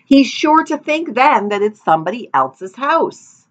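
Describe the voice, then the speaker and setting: A woman's voice: on the high side, big pitch swings, measured pace, voice pushed up. Woman voicing an eager clever boy. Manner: eager, explaining his plan. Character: clever young village boy, eager and confident.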